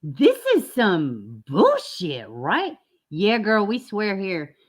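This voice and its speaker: A woman's voice: medium pitch, wildly swooping pitch, slow. A woman hosting a reaction commentary channel, blunt and indignant, swearing freely as she reacts to clips.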